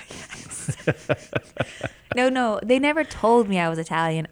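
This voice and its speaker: A woman's voice: medium pitch, takes it slowly, a little hiss or hum. A woman in her thirties, a mother and podcast co-host, chatting casually and telling stories with lots of "like" and acted-out quotes. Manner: animated storyteller, acts out quotes, frequent "like". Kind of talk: casual chat.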